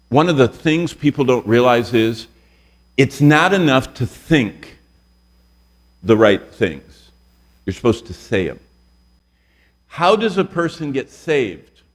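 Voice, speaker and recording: A man in his sixties, a pastor teaching a Bible lesson to a room of college students, telling stories and asking the class questions. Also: mid-range voice. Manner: storytelling, quizzes the audience with questions.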